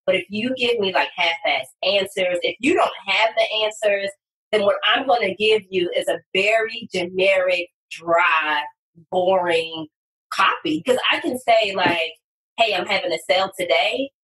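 A woman guest on a podcast, talking about copywriting in an animated, emphatic way with sudden loud bursts. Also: mid-range voice, unhurried. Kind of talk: casual podcast conversation. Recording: distant, echoey room sound.

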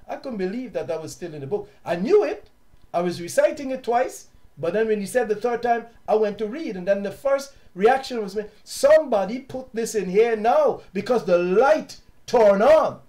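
A man with a southern African accent teaching his audience in an impassioned, preachy way, sometimes loud and sometimes hushed. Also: high-pitched. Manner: preachy, repeats words, shifts from loud to hushed. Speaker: online teacher and host.

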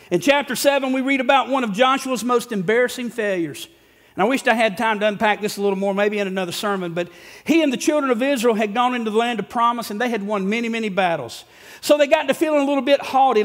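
A middle-aged man with a very high-pitched voice preaches to his congregation in a church. His delivery is folksy and joking, and he bursts into shouts to drive a point home. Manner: folksy and humorous, rising to shouts for emphasis. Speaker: pastor. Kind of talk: sermon. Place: church sanctuary before a congregation.

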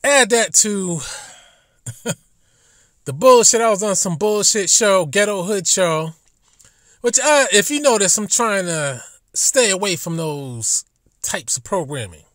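A man telling a profane story as a YouTube commentator, swinging between low muttering and loud outbursts. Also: expressive, slow, pauses often, no echo, studio quality.

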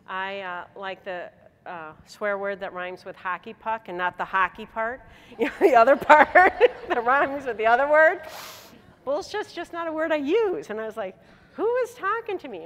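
A middle-aged woman from Michigan giving a motivational speech to a convention, telling a personal story with laughs and acted-out dialogue. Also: mid-range voice. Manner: animated, laughing, acts out dialogue. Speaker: convention speaker. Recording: hall reverb on a stage talk.

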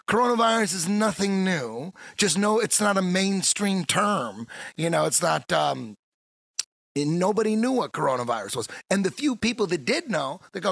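A man hosting a podcast, talking in a rambling, profane, animated way in casual conversation. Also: a little high, moderate pace, creaky, husky, dry recording. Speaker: podcast host.

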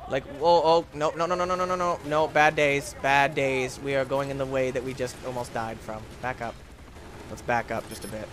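A man hosting a let's play, commentating his own game with excitable jokes and yelps. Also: mid-range voice, normal speed, background noise. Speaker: gaming channel host.

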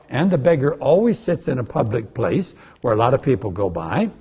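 An older man lectures on scripture, with a husky, slightly breathy voice at an ordinary middle pitch. He tells the story like a storyteller, animated and often jumping into the voices of the people he describes. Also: moderate pace, few pauses. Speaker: guest lecturer. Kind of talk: bible lecture.

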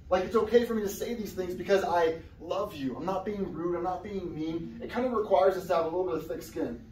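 A young adult man, a guest preacher, giving a casual, conversational sermon with sudden loud outbursts. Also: high-pitched, a little fast, a little hiss or hum. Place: church sanctuary. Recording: echoey church room, somewhat far from the mic.

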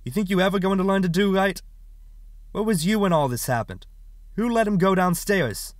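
In a medium-pitched, fairly bright voice close to an everyday one, a man plays an angry, stern father who harshly questions and scolds in an accusing mood. He speaks at normal speed in studio quality, with no room sound.

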